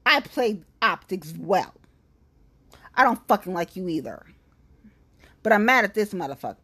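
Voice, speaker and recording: A woman's voice: mid-range voice, sing-song, moderate pace, pushed and bright, husky. A woman venting angrily in a blunt, profane rant, talking straight to her viewers. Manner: blunt, profane, heated, emphatic. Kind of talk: angry venting rant to camera.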